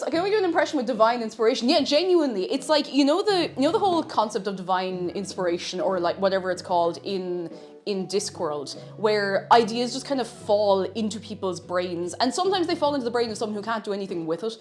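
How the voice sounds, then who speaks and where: Woman streamer cooking at home, pitch jumps all over, bit of music under it. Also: quick pace. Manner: chatty and animated, reading chat messages aloud. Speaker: live streamer. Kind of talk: casual chat while cooking. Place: home kitchen. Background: faint music.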